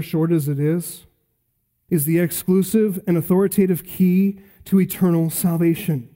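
A man with a high but dark, mellow voice preaching an expository sermon. He is emphatic, slows down to stress key phrases, and builds to short punchy lines. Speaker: pastor.

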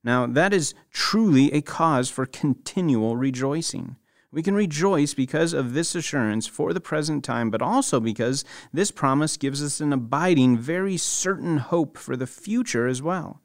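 A man hosting a radio program, reading a smooth scripted introduction. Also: a little high, lively intonation, normal speed, dry recording. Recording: dry studio with soft music.

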